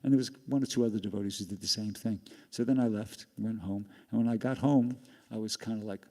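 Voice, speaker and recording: A man's voice: lowish voice, steady tone, fast talker, a little mellow. An older man giving a class, telling a rambling personal story with laughs along the way. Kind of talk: storytelling talk. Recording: long hall reverb.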